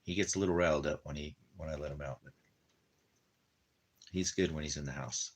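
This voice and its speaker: A man with a very low, husky voice rambles in a loose, repetitive way. He coos at his dog with doting baby-talk, then slides into preaching about religion, all in an offhand home-vlog manner. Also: steady tone, brisk, pauses often. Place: at home in the desert.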